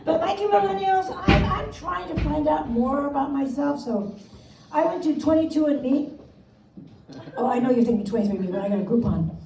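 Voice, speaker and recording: A Wisconsin woman in her seventies does a self-mocking stand-up set on a comedy club stage, her punchy delivery drawing frequent laughs. Her voice sits high with lively intonation and a brisk pace. The club sounds roomy and distant, with the crowd and background noise audible.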